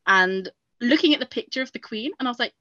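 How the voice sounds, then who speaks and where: A woman co-hosting a podcast, chatting casually and telling stories with energy, acting out what she shouted. Her voice is bright and forward. The sound is close and dry, with a slightly muffled, lo-fi tone. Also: fairly high pitch, fast talker, no room sound. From England. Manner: animated storytelling, acting out her own shouts. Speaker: podcast co-host. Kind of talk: casual chat.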